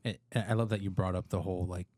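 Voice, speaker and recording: A man with a very deep voice hosts a casual podcast interview. He talks quickly and casually, chiming in with agreement, and his voice sounds dry and close. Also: steady tone, darkish tone, dry recording.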